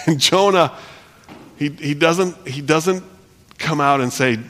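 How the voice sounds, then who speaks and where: A man preaching a sermon, earnest and repetitive, swinging between loud emphasis and hushed delivery. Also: a little high, lively intonation, unhurried. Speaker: pastor. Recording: long hall reverb.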